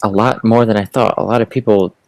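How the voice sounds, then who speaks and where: A woman with a Connecticut accent and a strikingly deep, low voice co-hosts a casual livestream chat. She giggles easily and is quick to agree. Her voice sounds dry and close, with no room around it. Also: steady tone, a little mellow, no echo, rough recording.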